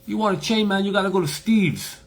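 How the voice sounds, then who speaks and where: A man putting on the voice of an easygoing Jamaican man with a Jamaican accent, talking in a higher voice than his own. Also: brisk. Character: laid-back Jamaican man offering a ride.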